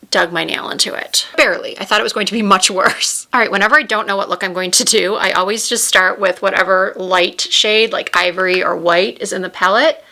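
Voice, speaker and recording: Bright chatty woman doing a makeup vlog at home, talks thru every step. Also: mid-range voice. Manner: chatty, giggly at times, narrates each step. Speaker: beauty vlogger. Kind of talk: casual makeup tutorial chat. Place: home room with a window.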